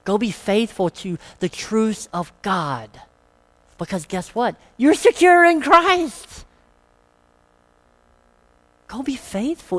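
Slow, emphatic preacher. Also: medium pitch. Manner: emphatic, with rhetorical questions. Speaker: pastor. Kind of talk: sermon.

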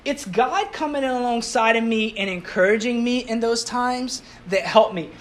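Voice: mid-range voice, moderate pace. A pastor giving a sermon to a congregation in a conversational way, asking the audience rhetorical questions and mixing in light humor.

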